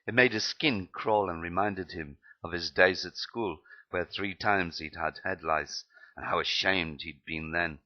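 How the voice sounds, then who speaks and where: A man's voice: sits low, measured pace, highs cut off. A man reading his memoir aloud, plainly and with some slips and restarts. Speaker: narrator.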